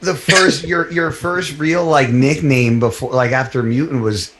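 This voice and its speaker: Fast-reacting man with a slightly higher voice. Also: fairly even intonation, noisy background. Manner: quick-reacting, swearing interjections. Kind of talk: crude banter.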